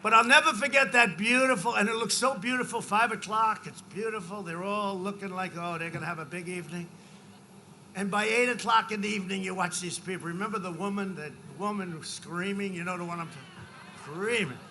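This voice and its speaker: A politician giving a campaign rally speech, rambling and repetitive and often rising to shouts. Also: male voice, sits high, a little fast, a little hiss or hum. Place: large outdoor rally.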